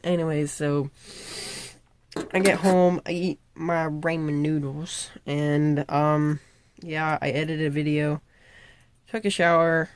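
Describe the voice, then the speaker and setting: A woman's voice: low-pitched, darkish tone, dry recording. A woman vlogger talking to camera in a casual, rambling rant, often correcting herself. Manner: rambling, self-correcting, chatty.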